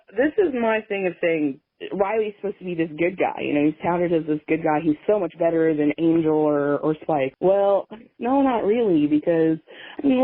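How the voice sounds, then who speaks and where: A woman's voice: fairly low pitch, husky, no room sound. A woman in her late thirties leaving long, rambling, profane voicemails for a podcast, laughing as she talks. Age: late 30s. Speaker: voicemail caller. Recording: tinny phone line.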